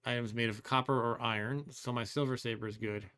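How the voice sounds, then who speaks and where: A man of middle pitch hosting a let's play, talking through each move as he plays. He muses out loud, second-guesses himself and drops wry complaints with little chuckles. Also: steady tone, a little fast, clean tone. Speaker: host.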